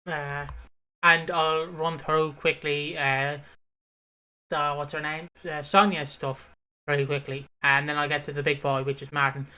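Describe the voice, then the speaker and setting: A man's voice: on the high side, level tone, measured pace, clean tone. A man co-hosting a casual podcast, reading out chat comments and recapping with many fillers. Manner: bright, hesitant, lots of fillers and laughter.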